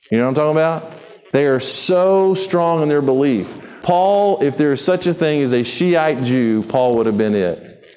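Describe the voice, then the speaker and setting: A man preaching a sermon in a conversational, animated way, acting out the people he quotes in his own voice. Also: on the high side.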